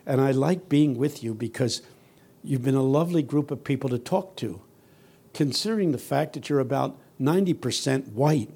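A man giving a sermon as a guest preacher, telling humorous stories that build from quiet, earnest passages to loud, shouting ones. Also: mid-range voice, expressive, moderate pace, breathy edge. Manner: humorous, teasing the audience.

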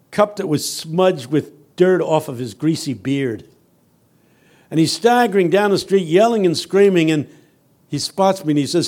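A man preaching a sermon and telling a story, swinging from loud, emphatic lines to soft, hushed ones. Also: on the high side.

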